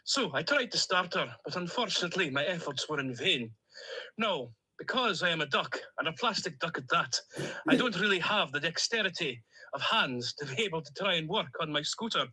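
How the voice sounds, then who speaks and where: A man's voice: fairly high pitch, expressive, fairly quick, sharp tone, husky, exaggerated voice, poor audio. A man voicing a chatty male plastic toy duck with a Stornoway Scottish accent, telling his misadventures in a rambling, cheerfully self-pitying way. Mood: cheery, rambling. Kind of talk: comic character monologue.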